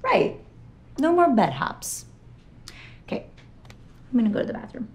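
A woman's voice: on the high side, sing-song, moderate pace, a little mellow. A sarcastic, exasperated girlfriend. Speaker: girlfriend in a comedy sketch. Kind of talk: scripted comedy sketch acting.

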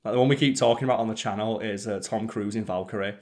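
A man's voice: fairly low pitch, fast. A man co-hosting a let's play, chatting casually and opinionatedly while gaming, with the odd swear.

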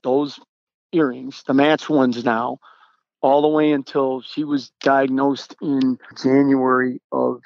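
A middle-aged man tells a personal story as a podcast guest, earnest and halting, acting out each exchange. His voice sits a little high with a gravelly edge. The recording is dry and dull, with a lo-fi tone. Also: dry recording. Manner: earnest, halting, re-enacts dialogue.

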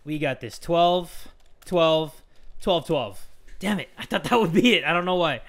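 A young man giving excitable let's play commentary, swinging between whispers and shouts at the game. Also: on the high side, measured pace. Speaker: gaming YouTuber.

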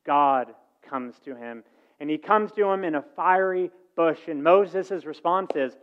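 A man preaching a sermon, telling a story with lively acted-out dialogue and swings in loudness. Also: high-pitched, normal speed, highs cut off. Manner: animated storytelling, acting out dialogue with shifts in volume. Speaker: pastor.

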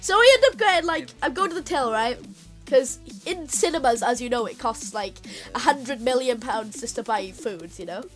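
Giggly high-voiced woman. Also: expressive, moderate pace, soft background music. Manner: giggly, laughs through her story. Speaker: storyteller and channel host. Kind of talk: casual storytelling over gameplay.

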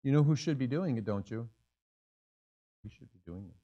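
A man's voice: medium pitch, expressive, normal speed, mellow, lo-fi sound. A male pastor preaches in a church, talking directly and plainly to his congregation. He leans on rhetorical questions and answers them himself, in an easy, conversational manner. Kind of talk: sermon. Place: church sanctuary.

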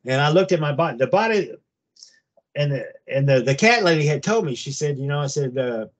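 A man over fifty telling a long personal story in a casual, halting way, full of restarts. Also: fairly high pitch, animated. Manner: halting, rambling, with many restarts. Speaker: guest recounting an abduction experience.

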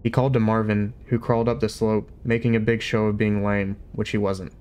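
A man's voice: on the low side, clean tone. A man reading a novel aloud at an easy pace, with an occasional slip of the tongue. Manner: steady, unhurried storytelling with occasional slips. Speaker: audiobook reader. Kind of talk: amateur audiobook reading.

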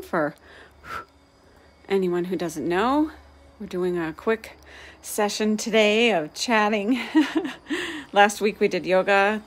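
A woman hosting a casual live-streamed spiritual session, speaking gently and soothingly and laughing often. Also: medium pitch. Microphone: webcam or phone for a live stream.

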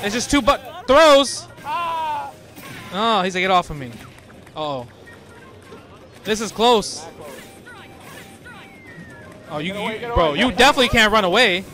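Hyped high-voiced man commentating. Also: animated, unhurried, long pauses, over music. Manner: hype reactions, slangy, frequent shouts. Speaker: host commentating pro players. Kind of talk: excited casual commentary.

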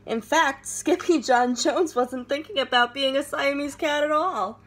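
A teacher reading a picture book aloud to her class with expressive, animated storytelling. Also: high voice, a little slow.

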